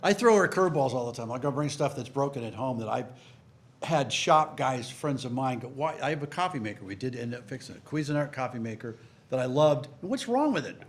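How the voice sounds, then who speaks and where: Gravelly older man telling stories. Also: medium pitch, brisk. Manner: animated, rambling storyteller. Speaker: guest. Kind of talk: casual banter.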